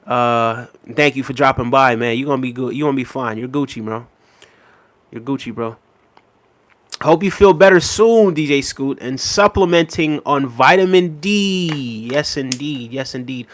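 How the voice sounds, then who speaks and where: Easygoing guy on a live stream, reads out comments, lots of um and you know, mid pitch. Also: moderate pace. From Jamaica. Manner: laid-back, chatty, frequent "um" and "you know what I mean". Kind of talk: casual live-stream chat reading comments.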